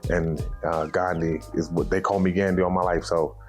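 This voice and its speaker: Male rapper from New York, deep, even delivery, opinionated. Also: soft background music. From Harlem, New York. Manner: measured, firm and opinionated. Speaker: rapper, interview guest. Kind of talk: interview answers. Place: radio studio.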